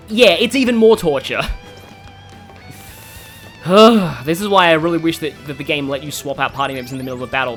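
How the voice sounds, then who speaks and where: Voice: medium pitch, sing-song, brisk, a bit bright. A let's-play host giving chatty commentary, exasperated at a tough boss fight. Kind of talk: gameplay commentary. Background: game music.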